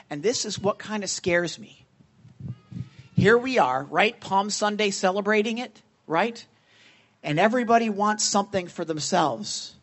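A man's voice: high voice, lively intonation, unhurried, fairly bright tone. A man preaching an informal sermon in a church, earnest and conversational, often checking in with his listeners. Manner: earnest, conversational, with frequent "right?" check-ins. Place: church sanctuary.

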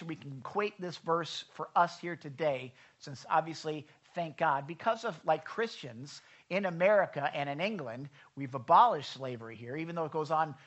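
A man's voice: fairly high pitch, pushed and bright, dull audio. A man preaching a sermon at a church service, talking in a loose, conversational way and putting questions to the congregation. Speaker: pastor.

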